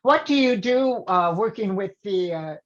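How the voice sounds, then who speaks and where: Woman, interview host, encouraging, mid-pitched, slightly muffled lo-fi audio. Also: animated, measured pace. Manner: encouraging, with frequent short affirmations. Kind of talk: interview chat.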